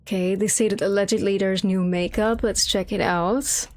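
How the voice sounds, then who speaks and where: A young woman streams a vampire game and talks through it non-stop, cursing freely and griping about what she finds. Her voice sits at an ordinary middle pitch. She drifts between complaints, reading chat and jokes. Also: fairly even intonation, moderate pace. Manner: rambling, swears a lot, mocking quotes. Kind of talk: casual live-stream commentary.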